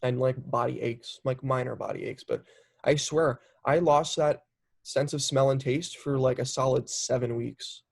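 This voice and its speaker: A young filmmaker in his twenties talks through his work in a loose, chatty way, dropping "like" every few words. His mid-range voice has a gravelly fry to it. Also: mid-range voice, moderate pace. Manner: chatty, lots of "like" fillers, animated storytelling. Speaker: documentary filmmaker. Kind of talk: casual interview chat.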